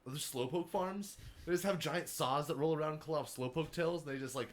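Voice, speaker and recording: A man co-hosting a podcast, chatting casually about video games and riffing with dark jokes. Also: on the high side, a little fast. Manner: animated, darkly joking rambles. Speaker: podcast co-host. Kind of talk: casual gaming chat.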